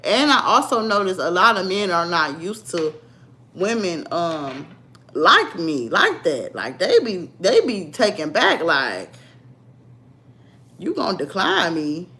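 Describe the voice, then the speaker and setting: A woman's voice: lowish voice, big pitch swings, measured pace, sharp tone. A young woman, talking bluntly and sassily to her livestream viewers in a casual chat. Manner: blunt, sassy, talks straight to viewers. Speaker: livestream vlogger.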